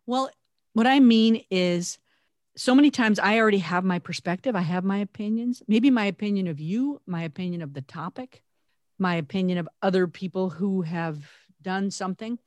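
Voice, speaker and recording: A woman co-hosting a podcast, talking earnestly and reflectively with animated emphasis. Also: medium pitch, moderate pace, no echo. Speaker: podcast co-host. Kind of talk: conversational podcast talk.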